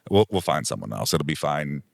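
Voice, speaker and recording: A man's voice: extremely low pitch, sing-song, a little fast, vocal fry, no room sound, studio quality. A man, a property manager guest on an interview show, telling a long anecdote in a rambling way, full of "um" and "like". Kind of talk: casual interview storytelling.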